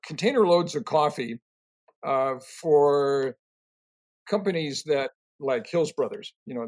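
An older man answering interview questions, telling rambling, animated stories full of fillers and restarts. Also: on the high side, husky. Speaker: interview guest, company co-founder.

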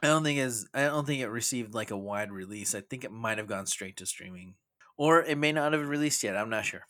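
A man's voice: on the low side, fairly quick, sharp tone, no room sound. A man co-hosting a casual movie podcast, chatty and laughing often, with frequent hesitant restarts. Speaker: podcast co-host.

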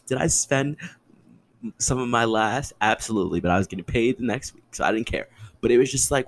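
A man in his twenties, speaking at medium pitch in a sing-song way at normal speed, hosts a podcast by himself. He tells personal stories casually, dramatically and with profanity, answering his own questions in a storytelling monologue.

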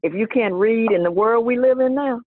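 A woman's voice: fairly high pitch, moderate pace, dry recording. An older woman from Texas, a guest author speaking emphatically with lots of repetition over a tinny phone line. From Waco, Texas, USA. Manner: emphatic, preaching-style repetition. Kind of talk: casual interview talk.

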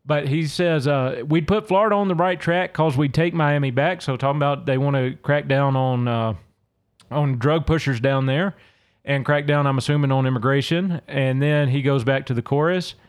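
A man's voice: mid-range voice, moderate pace, clear, resonant tone. A man from Louisiana, hosting a solo podcast and casually talking through song lyrics. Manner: casual, conversational, reads lyrics aloud between explanations. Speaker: podcast host.

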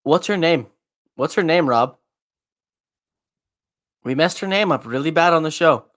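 A young man bantering on a podcast, eager and jokey. His voice sits a little high and swings widely in pitch as he talks. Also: lively intonation, unhurried, a bit bright. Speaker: podcast co-host. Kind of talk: casual chat.

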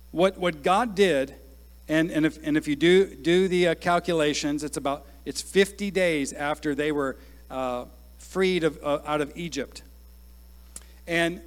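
A man preaching with a fairly high, lively voice that swings between brisk, chatty asides and passionate, shouted climaxes. His words ring out in a church hall with a long, trailing reverb. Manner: energetic preaching, rising to shouts at peaks. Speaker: pastor. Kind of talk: sermon.

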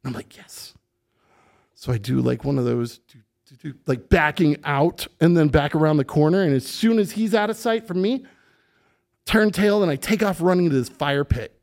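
A middle-aged man, a podcast guest, casually telling an animated story and swearing freely. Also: on the high side, normal speed. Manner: animated, swears freely, acts out voices in quotes.

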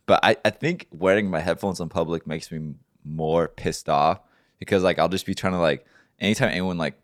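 Young guy co-host, very low voice, dry close sound, casual and crude. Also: normal speed, no echo. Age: young adult. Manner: laid-back, profane, laughs along. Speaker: podcast co-host. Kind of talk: casual chat.

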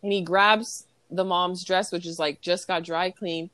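A woman's voice: fairly low pitch, fairly even intonation, measured pace, hardly any pauses, a bit bright, no room sound. A woman co-hosting a podcast in casual chat, giggling and acting out movie quotes as she recaps scenes. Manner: giggly, acts out quotes with voices. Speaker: podcast co-host.

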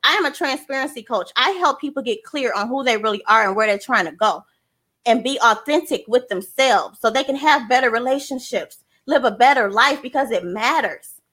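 An energetic woman talks in a casual chat, high-pitched and emphatic. Her voice is bright and lively, and she keeps repeating her points to drive them home. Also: moderate pace. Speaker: transparency coach.

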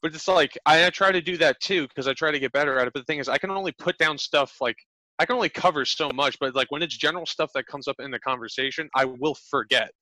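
Bright, dry-voiced man rambling casually. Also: on the high side, fast, dry recording, poor audio. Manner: rambling, self-deprecating, laughs often. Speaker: podcast host. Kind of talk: casual chat.

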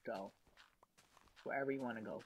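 A woman's voice: extremely low pitch, moderate pace, a crowd in the background, rough recording. A young woman vlogging casually, rambling with lots of fillers and frequent giggles while she eats. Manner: eating while talking. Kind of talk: casual chat.

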